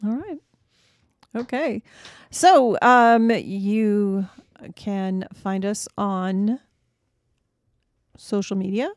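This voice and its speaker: A woman's voice: mid-range voice, darkish tone, no room sound, clean studio sound. A middle-aged woman co-hosting a podcast, chatty and casual, often hedging with "you know". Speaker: podcast co-host.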